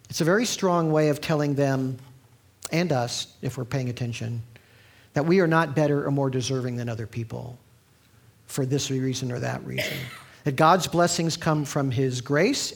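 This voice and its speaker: A man preaches a sermon in a conversational, teaching way. His voice sits slightly high with a gravelly rasp, and he drifts into asides and restarts as he explains. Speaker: pastor.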